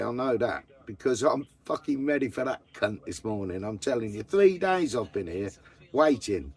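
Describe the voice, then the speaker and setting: A man's voice: mid-range voice, very animated, normal speed, a little mellow, husky. A man chatting casually to camera about his camper van, blunt and full of swearing. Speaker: vanlife vlogger.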